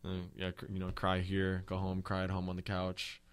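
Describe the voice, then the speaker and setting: A man's voice: sits low, completely flat delivery, moderate pace, clear, resonant tone. A man co-hosting a podcast in casual chat, joking and restarting his sentences. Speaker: podcast co-host.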